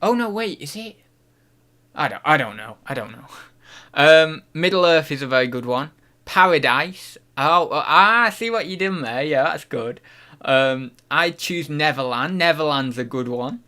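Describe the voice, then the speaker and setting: A man's voice: fairly high pitch, expressive, unhurried, pushed and bright. A man from the UK hosting a casual livestream, reading out chat questions and thinking aloud, often restarting and unsure of himself.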